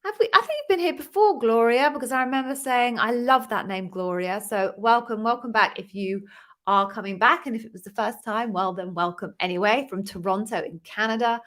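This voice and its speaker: A woman's voice: a little high, brisk, fairly bright tone. A woman, an interview coach hosting a casual live-stream Q&A, chatty, welcoming and self-deprecating as she greets viewers.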